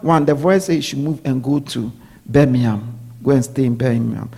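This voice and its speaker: A man's voice: mid-range voice, a little fast, creaky, dark tone, slight background noise. A man preaching a sermon, repeating his points and often asking his listeners whether they follow. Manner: repetitive preaching, checks in with listeners.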